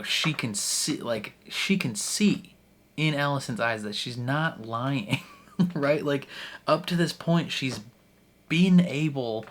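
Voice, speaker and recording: A man's voice: mid-range voice, a bit bright. A man hosting a reaction video, talking through an episode in a rambling, casual way, full of "like" and restarts and laughing often as he goes. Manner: rambling, filler-heavy with frequent "like" and restarts.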